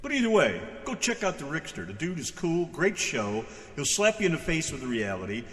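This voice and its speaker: A man's voice: a little high, sing-song, moderate pace, fairly bright tone, in a large hall. An American man co-hosting an internet radio show in crude, profane banter, hollering greetings to listeners.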